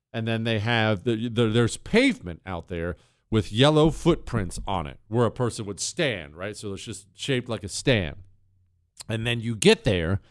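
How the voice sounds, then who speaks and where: Here a clear, resonant mid-range voice belongs to a middle-aged radio host from Montana. He delivers a storytelling monologue about his own life, wry and chatty, getting animated whenever he barks out drill instructor lines. The recording is dry and clean, studio-grade.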